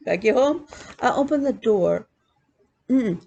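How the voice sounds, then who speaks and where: A woman vlogging about her cross-stitch hobby, telling animated, chatty stories with laughs. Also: a little high, a little slow, creaky, slightly rough. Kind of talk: casual chat.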